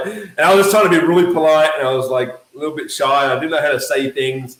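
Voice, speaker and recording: Australian man, fairly high voice, energetic storyteller, roomy echo. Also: fast talker. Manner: energetic, acts out quoted voices. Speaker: network marketing coach. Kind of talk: animated motivational storytelling.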